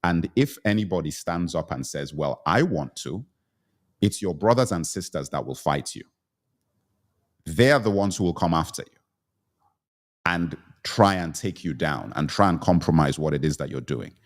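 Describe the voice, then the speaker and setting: A middle-aged man hosts a live online discussion in a very deep voice. He speaks earnestly and emphatically, repeating key phrases to drive his point home. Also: lively intonation, normal speed. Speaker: livestream host. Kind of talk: livestream panel discussion.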